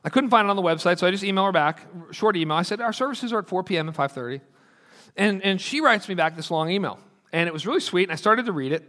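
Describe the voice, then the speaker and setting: A fairly high, bright-voiced man preaching with earnest energy. He tells stories and reads scripture in slow, deliberate phrases. His voice rings out across a reverberant church hall. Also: expressive. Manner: earnest, storytelling, slows down for quotes. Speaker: pastor. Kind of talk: sermon.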